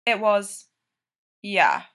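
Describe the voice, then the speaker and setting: Woman voicing a curt, foul-mouthed young man, bright and sharp-edged in a spoken storybook. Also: medium pitch, very animated, very slow, full character voice. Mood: deflecting. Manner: curt, swearing, exasperated. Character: blunt, exasperated young man, sweary and impatient.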